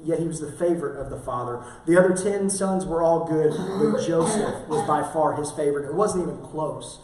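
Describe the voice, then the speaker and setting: A male pastor preaches a sermon in a church sanctuary, telling stories casually and using lots of fillers. His voice is a little high and a little mellow, at normal speed. It's recorded from far off in a very echoey church hall.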